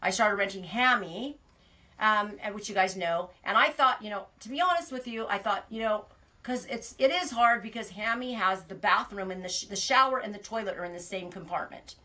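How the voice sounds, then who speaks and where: A woman's voice: mid-range voice, brisk, bright, forceful tone. An American woman hosting a casual live stream, chatting in a rambling way, laughing often and greeting viewers by name. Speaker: livestream host of a knitting and farm channel.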